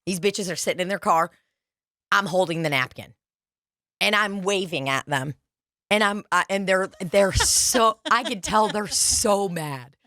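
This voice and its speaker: A woman co-hosting a podcast, telling a story in a brash, profane and animated way. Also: mid-range voice, measured pace, no echo, studio quality. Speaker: podcast co-host. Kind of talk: casual chat, storytelling.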